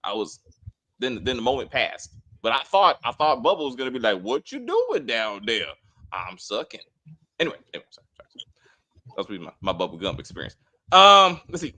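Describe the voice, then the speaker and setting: A man co-hosting a casual TV review chat, animated and profane, acting out scenes and apologizing for his tangents. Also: mid-range voice, fast. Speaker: co-host of a TV review show.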